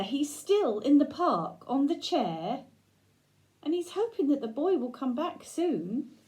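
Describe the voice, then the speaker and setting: Soft-voiced lady reading a kids' picture book, slow and mellow, voice swoops up and down a lot. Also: sits high. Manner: gentle, slow, sing-song with questions to the listener. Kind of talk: children's read-aloud storytelling.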